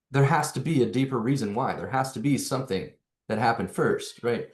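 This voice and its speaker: A man with a medium-pitched voice speaks briskly in an echoey room. He's a neuro coach presenting to hosts, giving an animated explanation of neurology with rhetorical questions and growing energy.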